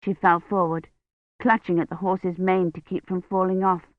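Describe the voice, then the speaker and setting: A woman narrating an audiobook in a measured, even storytelling manner, on tinny, dry phone-like audio. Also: on the low side, no room sound. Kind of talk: scripted narration.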